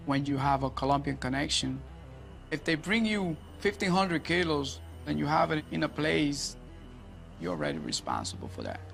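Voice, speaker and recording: A man's voice: fairly high pitch, gravelly, fairly bright tone. A man answering interview questions in a boastful, swaggering, profane way. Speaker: drug dealer interviewee. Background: music.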